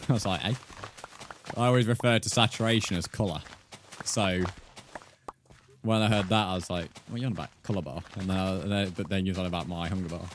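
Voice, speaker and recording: Low-voiced man chatting on stream. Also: steady tone, fairly quick, pauses often, a little hiss or hum. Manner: chatty, reads viewer comments aloud. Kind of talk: casual live-stream chat.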